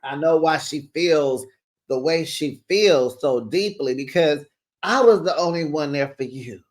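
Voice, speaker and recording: A man's voice: fairly high pitch, unhurried. Chatty gossiping middle-aged man. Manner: chatty, gossipy, calls viewers child and besties. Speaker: reality TV recap host. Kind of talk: casual recap commentary. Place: home office with sound panels, door closed. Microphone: studio microphone with pop screen.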